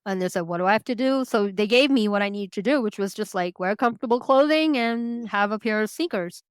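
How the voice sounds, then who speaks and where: A chatty woman in her forties from Canada tells her story in a relaxed interview. Her voice sits at an ordinary middle pitch, and she brightens when she acts out what she said. The sound is close and dry, with no room around it. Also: a little fast, smooth, dry recording. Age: 40s. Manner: chatty, laughs often, acts out quoted lines in a lifted voice. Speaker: podcast guest.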